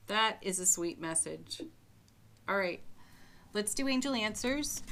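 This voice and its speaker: A woman giving a spiritual tarot reading to her viewers, speaking gently and often breaking into soft little laughs. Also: medium pitch, expressive, slow, long pauses, a little hiss or hum. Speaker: tarot reader.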